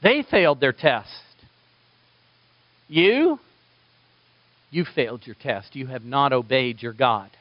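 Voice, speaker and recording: A male pastor delivering a sermon in an animated way, swinging between emphatic peaks and soft, quiet drops, on a dull lo-fi recording. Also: medium pitch, slow, pauses often, no room sound.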